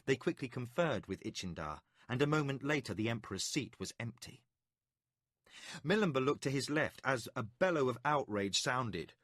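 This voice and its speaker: A man narrating an epic fantasy audiobook with a dramatic, expressive delivery. His pitch rises and falls in lively sweeps, and the tone is bright. The recording is close and dry. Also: moderate pace, dry recording. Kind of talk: scripted narration.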